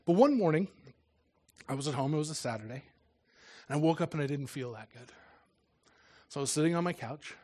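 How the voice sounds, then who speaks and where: A middle-aged man preaching and telling a personal story in earnest, often dropping to a hush at solemn moments. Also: fairly high pitch, expressive, fairly quick, long pauses. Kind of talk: sermon with personal testimony.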